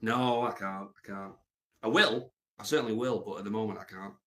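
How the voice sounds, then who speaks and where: A man hosting a livestream, rambling in a deadpan, mumbling way with lots of ums. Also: lowish voice, a little fast. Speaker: livestream host.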